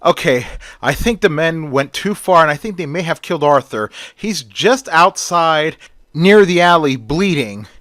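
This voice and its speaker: A man voicing a jealous young man who confesses in a hushed, pleading way. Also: on the high side, expressive, a little slow, no echo, studio quality. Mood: confessing.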